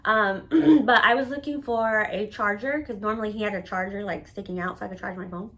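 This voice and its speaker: Bright-voiced woman telling a candid story. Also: medium pitch, fairly even intonation, fairly quick. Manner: candid and profane, with many "like" fillers. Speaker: vlogger telling a personal story. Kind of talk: casual storytime monologue.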